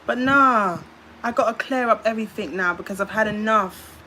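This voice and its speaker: A woman's voice: mid-range voice, normal speed, sharp tone, slight background noise, rough recording. A young British woman from the UK telling a long, rambling story on a livestream, speaking into her phone and filling gaps with repeated filler sounds. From United Kingdom.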